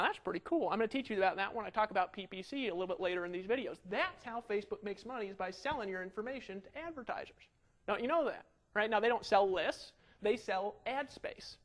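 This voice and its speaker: A man giving an energetic marketing webinar from a home setup, talking in a pushy sales patter full of rhetorical questions. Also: high voice, low-quality recording.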